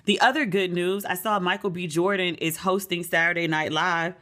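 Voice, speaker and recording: This podcast host, a middle-aged woman from the United States, has a lowish, steady voice with a pushed, bright quality and a moderate pace. Her casual chat is full of stories, and she voices the quoted characters in a raised tone.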